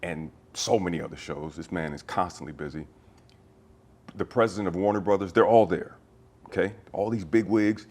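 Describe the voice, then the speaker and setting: A middle-aged actor, a man, telling an anecdote in an interview, lively in the story and earnest when sincere. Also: low voice, normal speed.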